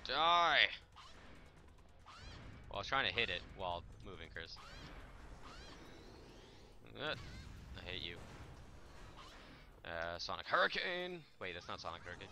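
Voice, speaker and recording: A man hosting a live let's play, commenting as he plays; he shouts attack names in bursts and mutters asides in between. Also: sits low, fairly quick, pauses often, a little hiss or hum.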